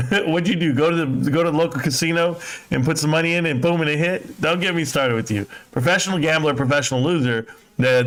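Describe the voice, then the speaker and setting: A man's voice: medium pitch, fairly bright tone. A man in his fifties hosting a live stream, chatting casually and crudely, joking and mocking as he reads comments. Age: 50s. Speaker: livestream host.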